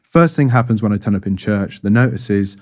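A man's voice: fairly low pitch, a little fast, darkish tone. A man giving a reflective personal testimony in an interview, thoughtful and hesitant, with many fillers and restarts. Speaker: interview guest.

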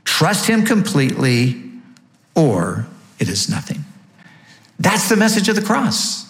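A man preaching with a lively, swooping delivery, his voice climbing high on rhetorical questions and then falling low to land a point. He sits a little above the usual pitch for a man, and the room around him rings with a noticeable echo. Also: slow. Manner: emphatic, rhetorical questions, sweeping pitch rises. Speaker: pastor. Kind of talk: sermon.

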